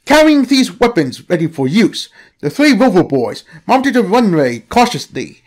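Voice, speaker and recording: A man reading a story aloud as narrator, in an expressive storytelling manner. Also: sits high, moderate pace. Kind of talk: scripted narration.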